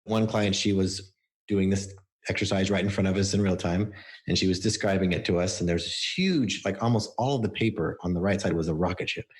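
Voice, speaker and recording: A man with a very low, deep voice speaks as a podcast guest. He explains his work through anecdotes and often acts out what his clients said. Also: a little fast. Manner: explains with stories and acted-out quotes. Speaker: book coach guest. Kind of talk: podcast interview.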